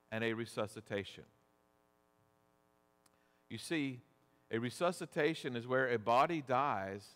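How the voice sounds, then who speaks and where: A man preaching a sermon as pastor, deliberate and measured, asking rhetorical questions. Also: mid-range voice, fairly bright tone. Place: church sanctuary. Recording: long church reverb.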